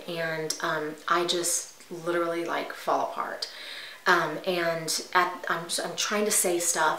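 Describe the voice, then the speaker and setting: A woman recounts a frightening personal story in an animated, dramatic way, sometimes dropping to a hushed whisper for effect. Her voice is bright and forward, a little low for a woman. The room around her is echoey. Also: a little hiss or hum. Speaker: vlogger telling a personal story. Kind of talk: casual storytime.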